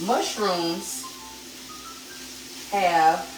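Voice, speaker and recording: Her voice lowish and very slow, a cooking show host chats straight to viewers during a live stream from her home kitchen. Music plays in the background alongside frying and a sizzling pan, captured in an echoey room by a phone camera at a distance.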